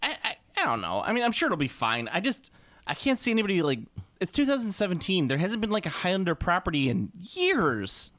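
A man's voice: high voice, big pitch swings, fairly quick, fairly bright tone, no echo. A man hosting a podcast, chatting casually in a rambling, jokey way with frequent fillers and restarts. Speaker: podcast host. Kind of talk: casual chat.

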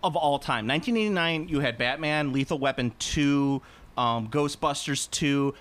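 A man's voice: fairly high pitch, normal speed, fairly bright tone. A man co-hosting a casual, profane chat, joking around and sometimes slipping into silly voices. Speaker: podcast co-host.

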